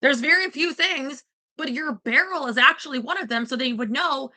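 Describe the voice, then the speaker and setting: A woman's voice: high-pitched, normal speed, bright, forceful tone. A woman venting in a casual vlog, indignant and profane, rambling with restarts. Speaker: vlogger.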